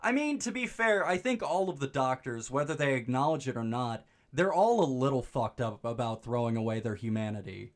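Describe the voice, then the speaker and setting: A young man giving goofy, rambling let's play commentary, breaking into excited high-pitched exclamations. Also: fairly quick, hardly any pauses. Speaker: streamer.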